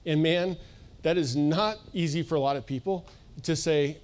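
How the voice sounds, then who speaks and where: A man preaching a sermon at a church service, casual and animated, acting out voices and laughing often. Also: a little high, moderate pace. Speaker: pastor.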